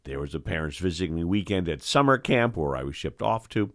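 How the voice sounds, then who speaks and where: A low-voiced older man from New York tells stories in casual chat, his pitch rising and falling widely. He acts out the people in his stories as he goes. He hosts the show as an eye doctor. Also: fairly quick. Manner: animated storyteller, acts out voices. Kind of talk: storytelling chat.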